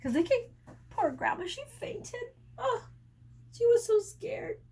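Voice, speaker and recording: A woman teacher reading a picture book aloud to children, pausing often to explain words and adding sound effects and asides. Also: extremely high pitch, big pitch swings, warm tone.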